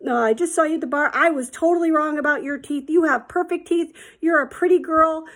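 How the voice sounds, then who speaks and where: A woman's voice: high voice, a little fast, a bit bright, voice pushed up. A woman voicing a tactless male stranger at a bar, blunt and later sheepish. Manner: blunt, then sheepishly apologetic.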